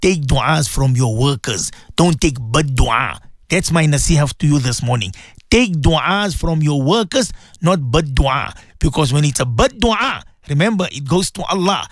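A man hosting a morning radio show, giving religious advice in a preachy, animated way, repeating phrases for emphasis. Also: a little high, a little slow, no echo, clean studio sound. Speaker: radio presenter. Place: radio studio.

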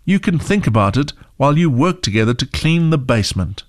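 A man's voice: medium pitch, sing-song, a little fast, dry recording, clean studio sound, pitched above the performer's own voice, close to an everyday voice. A man voicing a stern but caring mother who scolds her two children. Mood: firm. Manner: firm, scolding.

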